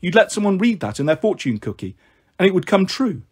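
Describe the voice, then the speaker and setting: A man's voice: high voice, very animated, brisk, husky, exaggerated voice. A man voicing a young demigod girl who speaks earnestly and gets upset, in a storybook reading.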